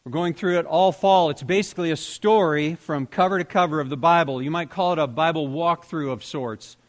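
A man's voice: on the high side, a little fast. A man preaching a sermon as pastor, talking conversationally and putting questions to his congregation.

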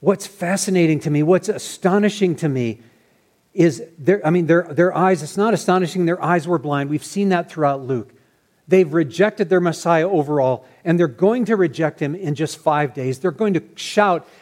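A man preaching a sermon as pastor, earnest and animated, sometimes restarting his phrases. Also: fairly high pitch, moderate pace.

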